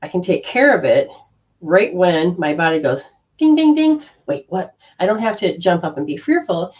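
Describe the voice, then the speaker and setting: A middle-aged woman from Australia shares a personal story in a loose, conversational way. Her voice sits on the low side, and she keeps leaping up in pitch to act out her own panicked inner voice. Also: lively intonation, moderate pace. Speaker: energy healing teacher.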